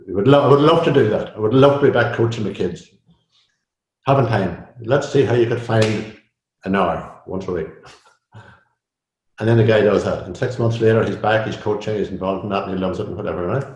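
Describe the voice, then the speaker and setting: An older man, a coach appearing as a guest, chats through a casual interview in a somewhat low, darkish voice at a fairly quick clip. He repeats himself a lot and drops plenty of "you know"s. The recording has a roomy echo.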